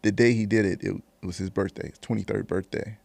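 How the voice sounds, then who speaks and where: A man's voice: lowish voice, fairly even intonation, a little fast, vocal fry, a little mellow, no echo. A man co-hosting a talk show, telling a story hesitantly with many ums. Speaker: co-host. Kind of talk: casual chat.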